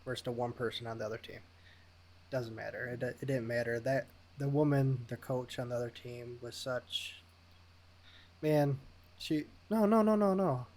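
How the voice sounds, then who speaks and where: A man co-hosting a podcast in casual chat, telling stories in a relaxed way and laughing easily. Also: medium pitch, moderate pace. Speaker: podcast co-host.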